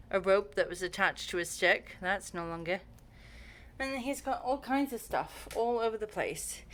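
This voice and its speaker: A woman's voice: medium pitch, a bit bright. A young woman chats unhurriedly to the camera at home, her voice sitting in a middle register. She teases and coos at her cat between remarks, playful and affectionate. A faint hiss sits under the recording. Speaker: cat owner filming her pet. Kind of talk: casual chat to camera.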